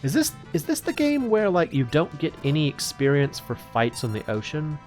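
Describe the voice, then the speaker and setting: A man's voice: fairly high pitch, wildly swooping pitch, normal speed. A man hosting a let's play, rambling casually and playfully through gameplay commentary. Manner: playful, laughs often, rambling. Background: faint game music.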